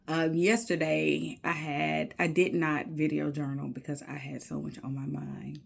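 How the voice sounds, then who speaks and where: A woman talking to her camera in a personal video journal, slow and reflective, often dropping into soft near-whispered asides between casual fillers. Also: low voice, level tone, gravelly, slightly rough. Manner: casual, with many fillers and spiritual musing. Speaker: video diarist.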